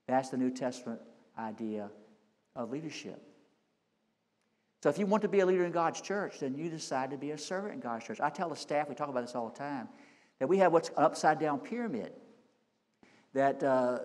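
A middle-aged man, a senior pastor, preaching a sermon with folksy stories that climb into loud, emphatic peaks. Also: fairly high pitch, animated, fairly quick, pauses often. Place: church sanctuary. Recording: long hall reverb.

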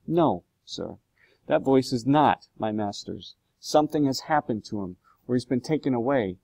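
A man's voice: mid-range voice, lively intonation, moderate pace, gravelly, warm tone, no echo, voice pushed up, rough recording. A man reading aloud, voicing a worried, loyal middle-aged butler in a storybook. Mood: urgent. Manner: urgent, pleading, raised voice.

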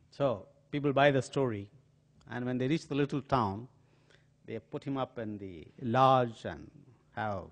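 An older man from India with an Indian accent, a diplomat telling anecdotes in a lecture in an auditorium, with some pauses and hesitations. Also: medium pitch. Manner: storytelling with acted quotes and pauses, some filler hesitations. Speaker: diplomat giving a talk.

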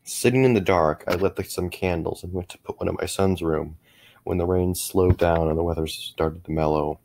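Deep-voiced man narrating a horror story. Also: steady tone, vocal fry, a little mellow, slight background noise. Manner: measured, with frequent small restarts.

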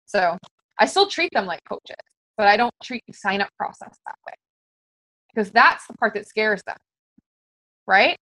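A woman's voice: medium pitch, lively intonation, measured pace, long pauses, bright, forceful tone, no room sound, rough recording. Chatty, conversational woman coaching peers. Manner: very conversational, chatty with many fillers. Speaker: fitness business coach. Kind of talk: casual teaching talk to fellow coaches.

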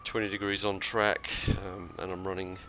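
A man, calmly talking through his sim race while driving, in short focused bursts between corners. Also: low voice, normal speed. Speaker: sim racing streamer. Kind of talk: live racing commentary while driving. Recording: noisy game audio behind.

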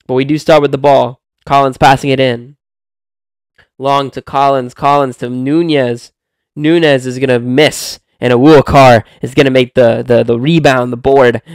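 A young man giving excited, profane play-by-play commentary on a basketball video game he is playing, swinging from calm calling to loud outbursts. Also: on the high side, no room sound. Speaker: gaming video creator.

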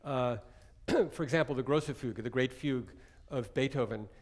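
In a lecture-demonstration on chamber music, a man explains a piece with jokes and frequent digressions, keeping it conversational. He speaks at a moderate pace in a mid-range voice.

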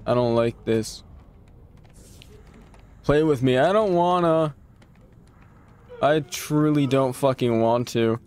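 A man's voice: mid-range voice, a little mellow. A man streaming a horror game, reacting to scares, swearing at the game and talking back to what he sees on screen. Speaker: gaming streamer. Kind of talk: horror game let's play commentary.

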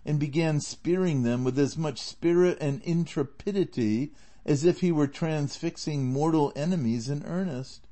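A man narrating a classic novel as an audiobook in a steady, measured way. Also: fairly high pitch.

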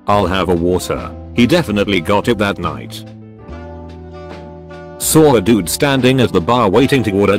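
A man narrating forum posts in an even, read-aloud storytelling delivery. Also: on the low side. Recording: soft background music.

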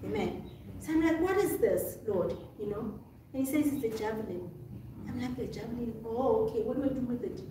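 A woman's voice: on the high side, very animated, fairly quick, background noise. A woman telling a vivid spiritual story, acting out voices and laughing often, recorded from a distance with music behind her. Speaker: guest testifying. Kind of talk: animated testimony. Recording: echoey room from far off, music behind.

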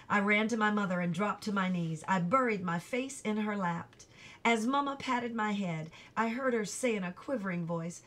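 A woman reading a chapter of a novel aloud in an even, unhurried storytelling manner. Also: mid-range voice. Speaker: audiobook reader.

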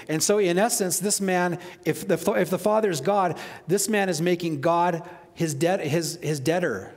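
A high-voiced male pastor preaching in an animated, chatty way, putting questions straight to his listeners. His voice rings with the long reverb of a church sanctuary. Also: moderate pace. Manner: animated, conversational, asks the congregation questions. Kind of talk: sermon.

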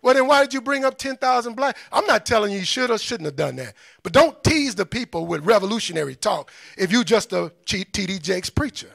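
A man's voice: high-pitched, sing-song, fairly quick, creaky, hardly any pauses, fairly bright tone, no echo, clean studio sound. A man giving an impassioned talk to an audience, blunt and scornful, firing off rhetorical questions in a preacherly cadence. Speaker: speaker on liberation.

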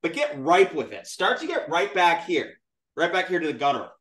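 A man with a high, animated voice leads a class, sounding out syllables for students to repeat. The room rings with a roomy echo. His delivery is demonstrative and lively. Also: normal speed, far from the mic. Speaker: Sanskrit teacher. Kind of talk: classroom lesson with call-and-response.

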